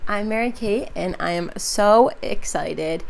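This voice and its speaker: A woman's voice: mid-range voice, a little slow, creaky. A twenty-one-year-old woman hosting her own podcast, talking casually and chattily with lots of "like" and "um". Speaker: podcast host.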